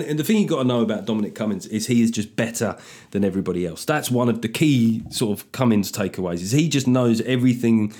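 A man's voice: on the low side, darkish tone. A man hosting a comedy podcast, delivering a sardonic, sweary comic monologue.

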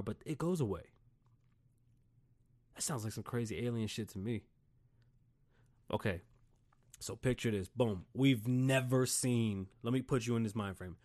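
Man, show host, casual rant, profane, animated, rambling. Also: medium pitch.

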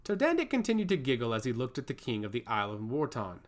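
A man narrates a fantasy story in a scripted, expressive reading. His pitch rises and falls a great deal, and his voice sits at a middle height. It suits serialized storytelling. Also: a little fast, few pauses.

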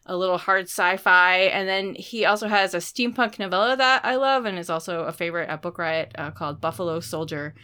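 A woman's voice: fairly low pitch, brisk, few pauses, clear, resonant tone. A woman co-hosting a book podcast, talking with eager enthusiasm in a casual tone. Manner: enthusiastic, excitable. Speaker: podcast co-host. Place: home office.

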